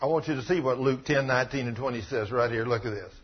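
A man's voice: medium pitch, fast, husky, dull audio. A man preaching a sermon who tells stories with animation and acts out the people in them. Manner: animated storytelling, voices the people in his stories.

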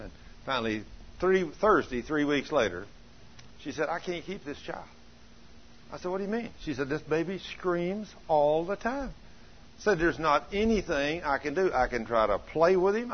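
Preacher guy telling a story, acts out everybody's lines, kinda raspy, dull old recording. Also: medium pitch. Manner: folksy, plays out dialogue in changing voices. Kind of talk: sermon storytelling.

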